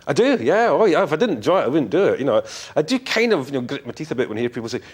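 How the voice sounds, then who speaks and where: A man's voice: on the high side, very animated, rapid-fire, breathy edge. A middle-aged Scottish man, an author being interviewed, talking frankly in a rambling way with many fillers and restarts. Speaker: author guest. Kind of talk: casual interview talk.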